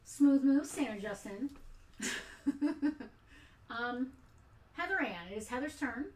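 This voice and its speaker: A woman's voice: high-pitched, expressive, slow pace. A woman hosting a casual livestream giveaway from a toy store, chatty and giggly, with blunt outbursts. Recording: roomy echo, a bit far from the mic.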